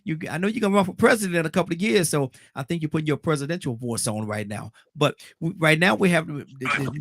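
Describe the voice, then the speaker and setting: A man's voice: fairly high pitch, lively intonation, fast talker, a bit bright. A man hosting a live call-in talk show, chatty and joking with callers.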